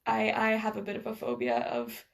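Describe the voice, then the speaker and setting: A woman's voice: medium pitch, sing-song, brisk, gravelly. An American woman whose accent carries a slight Scottish influence, chatting casually as a guest, full of fillers and restarts. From United States. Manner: chatty, self-deprecating, many fillers and restarts. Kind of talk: casual conversation.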